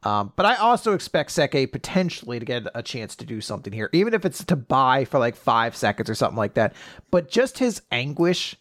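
A man's voice: mid-range voice, big pitch swings, brisk, a bit bright, no room sound, clean studio sound. A young man co-hosting a casual podcast, animatedly retelling a manga chapter and swearing casually. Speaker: podcast co-host.

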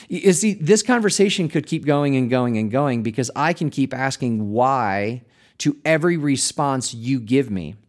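A male pastor hosts a reflective podcast, talking in an easy, conversational, expressive way at a moderate pace. His voice sits at an ordinary middle pitch, and he laughs lightly and restarts words while thinking aloud.

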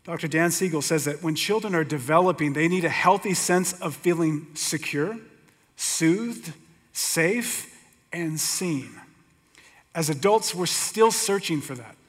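A middle-aged man teaching a sermon, telling stories in a relaxed, conversational way with humor. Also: fairly high pitch, measured pace. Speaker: pastor teaching. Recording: long hall reverb.

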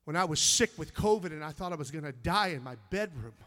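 Fast and animated, a middle-aged man with a slightly high voice preaches with fervor. He shifts between loud outbursts and hushed, near-whispered stories, repeating words when emotion takes him.

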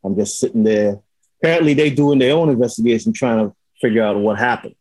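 A man's voice: mid-range voice, fast, no echo, rough recording. Man telling a wild story, dry sound. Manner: animated storytelling, acts out quotes with swearing. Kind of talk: casual chat.

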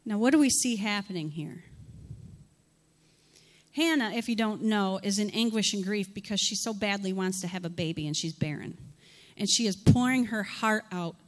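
A woman pastor gives a sermon with lively, expressive delivery. She poses rhetorical questions and slips into dramatized scripture dialogue. Her voice carries a long reverb, as in a large hall. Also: medium pitch, moderate pace.

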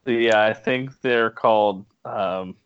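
Low-voiced co-host with quick reactions. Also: male voice, smooth, no room sound, muffled recording. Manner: brief reactions, amused. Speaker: podcast co-host. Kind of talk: casual chat.

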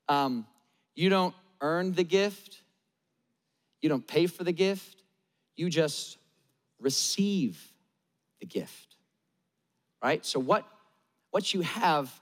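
A man's voice: on the high side, animated, slow pace, long pauses, long reverb tail. A male pastor preaching a sermon in a conversational, emphatic style, with lots of repetition.

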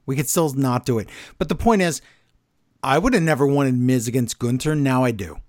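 A male podcast co-host running through a wrestling show in a quick, casual recap, tossing in short imitations of what was said. His voice sits at a middling pitch and the recording is very dry, with no room sound at all. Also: a little mellow, no echo. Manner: quick recapping, acting out quotes in passing.

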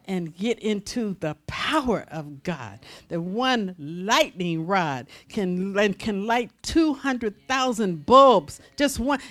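Lady minister preaching, folksy and animated, bright ringing voice. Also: mid-range voice. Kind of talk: sermon.

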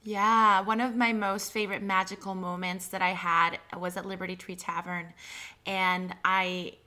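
A woman's voice: mid-range voice, level tone, measured pace, pushed and bright. A woman guest chatting casually about her old restaurant job, with many fillers and restarts. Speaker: guest, former restaurant host at a theme park. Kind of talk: casual anecdotal conversation.

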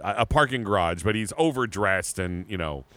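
Man, podcast co-host, animated storytelling, bright tone, dry close sound. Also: lowish voice, a little fast, dry recording. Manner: animated, laughing, repeats and restarts words. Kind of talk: casual storytelling chat.

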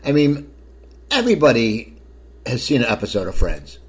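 A man's voice: mid-range voice, huge pitch swings, normal speed. A man interviewing a guest, often restarting his questions.

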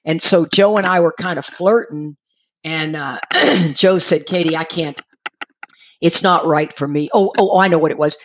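A middle-aged woman casually telling a personal recovery story, animated and acting out what people said, laughing now and then. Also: low voice, normal speed, slight background noise. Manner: animated, acts out quoted voices, laughs while telling.

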